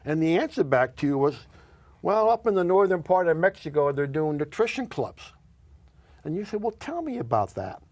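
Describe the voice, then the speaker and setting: A man telling a story in an interview, acting out the dialogue with lively swings in his voice. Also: a little high, normal speed, no echo. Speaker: guest, company executive.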